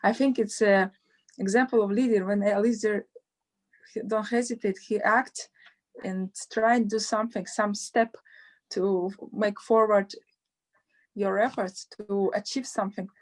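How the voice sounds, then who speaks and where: A woman interviewer with a mid-range voice speaks with her guest over a video call. She pieces her questions together slowly. Her phrasing is hesitant and broken by pauses. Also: medium pitch, fairly even intonation, darkish tone. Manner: halting, searching for words, hesitant phrasing. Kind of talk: conversational interview.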